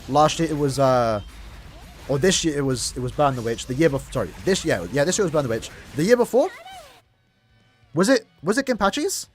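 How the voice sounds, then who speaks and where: A young man casually chatting to his viewers while playing a mobile game, rambling and restarting his sentences. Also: fairly high pitch. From Ireland. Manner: rambling, restarts often, talks to chat. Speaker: streamer. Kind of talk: casual gaming livestream chat.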